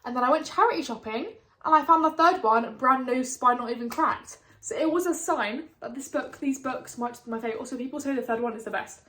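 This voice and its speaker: A woman's voice: high-pitched, fast, a bit bright, faint music behind. A young woman chatting through a casual book review vlog, gushing and swearing freely. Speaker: book vlogger.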